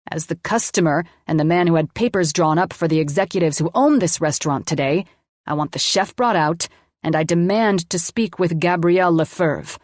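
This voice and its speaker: A woman's voice: on the low side, normal speed, dry recording, studio quality, close to an everyday voice. A woman narrator voicing a wealthy businessman who speaks with clipped, aggressive authority. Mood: commanding. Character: commanding rich businessman, used to being obeyed.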